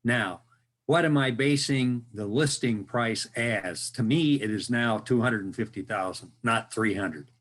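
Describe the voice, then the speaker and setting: A trainee broker, a man, asking a question in a halting way with many restarts. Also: medium pitch, a bit bright.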